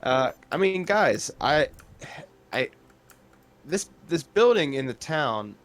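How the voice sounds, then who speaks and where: A man's voice: fairly high pitch, sing-song, takes it slowly. A man playing a tabletop game, talking casually with stammers and restarts. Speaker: player. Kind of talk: casual tabletop role-play.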